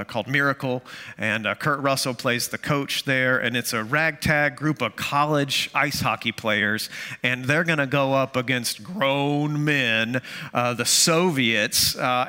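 A man's voice: medium pitch, sharp tone, long reverb tail. A man preaching a sermon to his church in a conversational way, with self-deprecating jokes and many fillers. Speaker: pastor.

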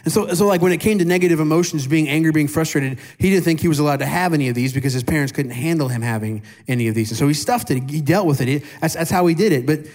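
A pastor in his thirties gives a relaxed, conversational sermon with a voice pitched a little high. He keeps turning to his congregation with questions and pokes fun at himself. His delivery is lively and informal. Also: fast talker, few pauses. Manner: casual and animated, questions the congregation; self-deprecating humor.

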